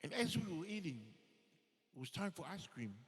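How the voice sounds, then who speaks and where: A male comedian telling stories as stand-up comedy, lively and acting out the people he quotes. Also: high-pitched, moderate pace. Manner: animated, acts out quoted voices. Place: live show in an arts and events centre. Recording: reverberant theatre hall.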